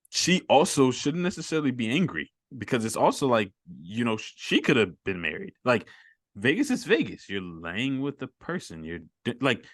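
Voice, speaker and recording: A man hosting a casual movie chat, excitable, laughing often and repeating himself. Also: lowish voice, no room sound, studio quality. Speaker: podcast host.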